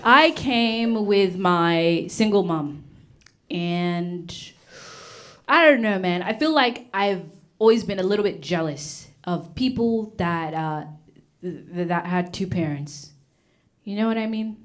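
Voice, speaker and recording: A woman's voice: medium pitch, slight background noise. A young woman from Uganda performing a stand-up comedy set on stage before a live audience, with a brash, punchy delivery. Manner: brash, punchy delivery with laughs between jokes.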